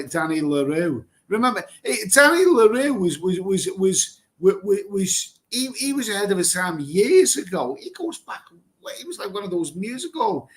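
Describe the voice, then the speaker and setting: Blunt, rambling Englishman hosting a livestream. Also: on the high side. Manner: blunt, rambling, swears casually, repeats himself. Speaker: livestream host reading viewer comments. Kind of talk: casual live chat, reacting to comments. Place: Thailand.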